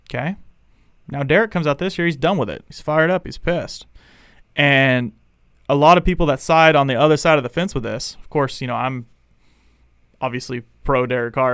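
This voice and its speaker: A young man hosts a live fan podcast, rambling through opinions and shouting out the chat. His voice has a gravelly edge yet stays smooth and resonant. The sound is dry and close. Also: mid-range voice, no echo. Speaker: podcast host.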